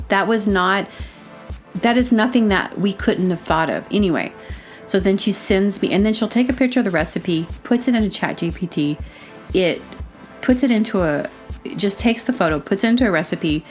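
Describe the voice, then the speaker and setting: A woman from Arkansas hosting a podcast, talking in a chatty, rambling way with frequent laughs. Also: on the low side. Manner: chatty, digressive, laughs often. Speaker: podcast host; baker. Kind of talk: casual rambling monologue.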